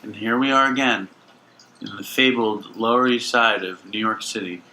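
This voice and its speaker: A man co-hosting a casual comedy podcast, teasing his partner with animated mock outrage. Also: fairly low pitch, moderate pace, slight background noise, rough recording. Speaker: podcast co-host.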